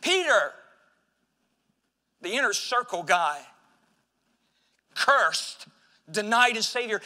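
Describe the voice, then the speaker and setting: A man preaching a sermon as pastor, with impassioned delivery that swings between loud and hushed. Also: high voice. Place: church sanctuary.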